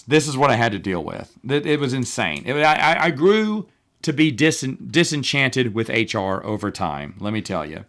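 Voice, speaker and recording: A middle-aged man hosting a podcast, telling work stories in a casual, animated way with wry, exasperated asides, acting out the people he quotes. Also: mid-range voice. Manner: animated, acts out quoted people in changed voices. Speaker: podcast host. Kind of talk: casual storytelling monologue.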